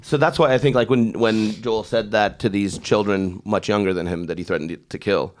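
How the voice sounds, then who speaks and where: Lower-voiced man, laid-back storyteller. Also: fairly quick, a little mellow. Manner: laid-back storyteller who laughs easily. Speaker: podcast co-host. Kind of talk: casual chat.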